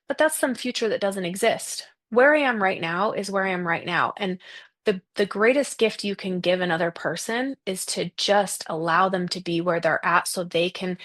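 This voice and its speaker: A woman's voice: on the low side, fairly bright tone. A woman guest on a podcast who speaks earnestly and expressively, acting out the things people say to her. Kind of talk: casual interview conversation.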